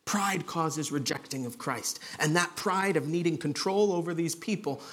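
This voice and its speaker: A male pastor teaches through a Bible passage with an earnest, conversational delivery. His voice sits a little higher than most men's and falls quiet for emphasis. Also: normal speed, a little hiss or hum. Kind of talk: expository sermon.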